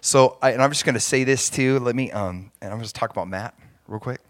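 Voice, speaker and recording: A man's voice: mid-range voice, fairly quick, no room sound, clean studio sound. A middle-aged man preaching as a pastor, earnest and emphatic, often restarting his sentences. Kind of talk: sermon.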